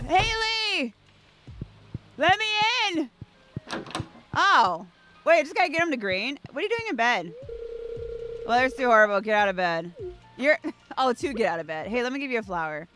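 A woman streaming a game, chatting playfully and giggling as she talks to the characters on screen. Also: on the high side. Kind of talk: casual gameplay commentary. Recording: faint background music.

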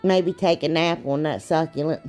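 A woman's voice: low voice, fairly even intonation, moderate pace, a little mellow, soft background music. A woman, chatting casually and rambling a little as she narrates a DIY craft video. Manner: chatty, rambling, laughs at herself.

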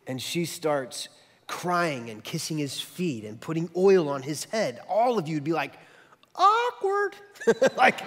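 A man preaching a sermon as pastor, telling a story in an animated way with quick swings from loud to soft. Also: high-pitched, long reverb tail.

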